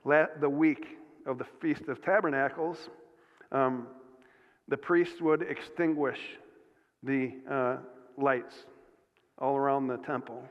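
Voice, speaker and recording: Earnest pastor in an echoing hall. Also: male voice, medium pitch, steady tone, takes it slowly, long pauses. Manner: earnest, restarts often, many fillers. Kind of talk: sermon. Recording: dull sound with long hall reverb.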